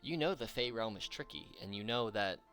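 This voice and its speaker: A man acting as game master, narrating a tabletop game slowly with many pauses and fillers. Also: on the low side, expressive, a bit bright, soft background music. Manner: slow, halting narration with fillers.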